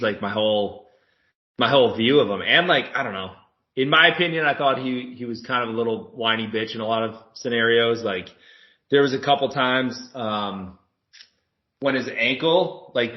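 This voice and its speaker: A man co-hosting a sports podcast in casual chat, blunt and profane, laughing often. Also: mid-range voice. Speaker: podcast co-host. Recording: dull, lo-fi, roomy.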